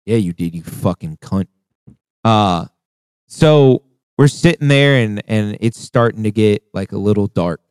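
A man hosting a casual podcast, cursing often and reliving a hunting trip in a lively, laughing way. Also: on the low side, a little slow, clean tone, no room sound. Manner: profane, animated retelling with acted quotes. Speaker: podcast host. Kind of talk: casual storytelling chat.

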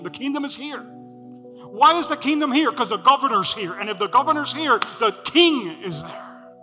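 A man preaches a sermon from the pulpit, quizzing his congregation and repeating his key lines. His voice sits high and bright. A long reverb from the hall trails each phrase, with faint music behind. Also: expressive, normal speed. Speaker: pastor. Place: church hall.

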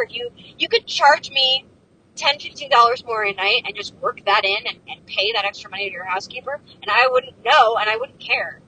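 A woman's voice: on the high side, a little fast, bright, forceful tone, rough recording. A young woman telling a story while driving, rambling and exasperated, with lots of fillers and swearing. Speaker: vlogger. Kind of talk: casual storytelling vlog. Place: inside a moving car. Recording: faint car engine noise. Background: faint road and vehicle noise.

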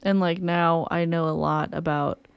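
A woman's voice: fairly low pitch, fairly even intonation, unhurried, creaky, clean tone, no echo, lo-fi sound. A young woman co-hosting a podcast, telling a story in casual chat and acting out what people said. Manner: chatty storyteller, acts out quotes. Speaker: podcast co-host.

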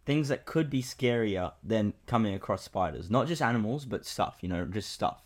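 A young man, co-hosting a podcast and telling a story in an animated, rambling way with many fillers. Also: on the low side, moderate pace. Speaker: podcast co-host. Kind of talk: casual storytelling chat.

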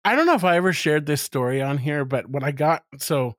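A man's voice: a little high, animated, a little fast, fairly bright tone, dry recording, studio quality. A man co-hosting a podcast in casual chat, candid and self-mocking, who laughs often and acts out what other people said. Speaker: podcast co-host.

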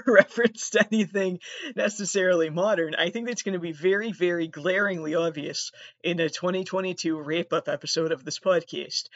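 A woman's voice: lowish voice, normal speed, dry recording. Woman in her 20s, comedian-host, rambling and foul-mouthed, self-mocking; dry, slightly muffled close-mic sound. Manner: rambling, profane, self-deprecating. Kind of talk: casual solo podcast monologue.

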